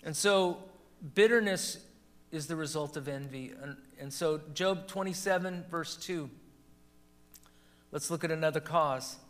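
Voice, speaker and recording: Guy pastor teaching bible class, kinda high and bright, tells stories laughing. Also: measured pace. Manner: animated storytelling, laughs at his own anecdotes. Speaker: pastor leading a Bible study. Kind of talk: teaching and discussion.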